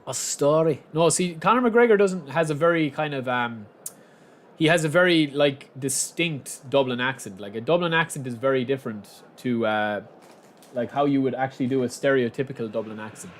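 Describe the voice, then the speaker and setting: At a medium pitch and normal speed, a young man casually commentates his own football game on a live stream. He chats with viewers and erupts into shouts whenever big moments happen.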